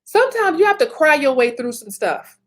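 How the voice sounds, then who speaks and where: A woman's voice: sits high, big pitch swings, fairly quick, a bit bright. A woman in her thirties giving a motivational talk as a business coach, emphatic, repeating phrases and laughing often.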